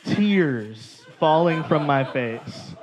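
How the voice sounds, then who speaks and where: A male stand-up comedian telling a story on stage in a comedy club, in an animated, profane way, slipping into quoted voices. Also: on the high side, very slow, noisy background. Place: comedy club stage before a live audience. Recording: dull live club recording with audience laughter.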